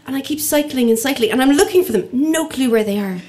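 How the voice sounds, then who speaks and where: A woman telling a funny personal story to an audience, lively and acting out the voices of people in it. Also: sits high, fast talker. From Ireland. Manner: lively comic delivery, acts out quoted voices.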